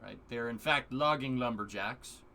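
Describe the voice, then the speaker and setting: A man's voice: medium pitch, moderate pace, gravelly, pushed and bright, a little hiss or hum. A man streaming live, chatting casually and joking with his viewers. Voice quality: joking, puts on silly voices in bursts.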